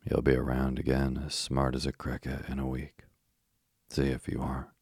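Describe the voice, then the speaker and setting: A man voicing a brisk, motherly young girl who is the eldest sister, talking in a quick, reassuring way, in a storybook reading. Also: rumbling low, monotone, vocal fry, a little mellow, breathy edge, no room sound, studio quality, heavily acted.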